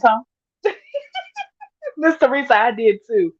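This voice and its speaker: A woman's voice: mid-range voice, moderate pace, no room sound, dull audio. A woman hosting a casual livestream, reading viewer comments aloud and laughing often. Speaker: livestream host reading chat.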